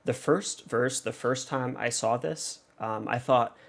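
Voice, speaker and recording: A man hosting a reaction video, working through a song in casual analysis. He thinks aloud hesitantly, with many pauses and fillers. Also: medium pitch, creaky, a bit bright.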